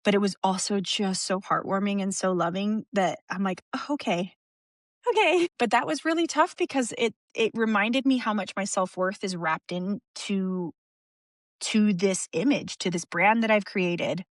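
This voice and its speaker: A woman speaking as a podcast guest in an open, emotional way, often restarting her sentences and laughing softly. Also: mid-range voice, moderate pace, no echo, clean studio sound. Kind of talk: candid conversational interview.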